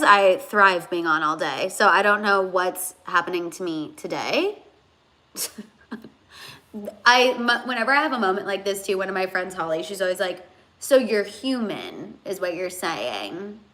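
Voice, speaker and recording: A woman's voice: mid-range voice, sharp tone. A woman hosting a casual livestream, chatting and rambling with many fillers as she reads out comments, emotional and teary. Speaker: host.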